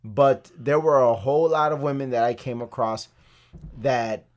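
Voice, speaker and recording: A man's voice: mid-range voice, normal speed. Blunt guy on a podcast, swears, says like a lot, mid voice. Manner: blunt, profane, says "like" and "you know what I'm saying" often. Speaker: podcast co-host. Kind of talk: casual chat.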